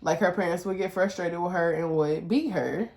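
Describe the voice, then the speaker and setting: A woman's creaky, darkish voice carries a Detroit accent at a moderate pace as she co-hosts a podcast. The casual chat is candid and profane, broken up by frequent laughter and high-voiced impressions of her child, in an echoey room.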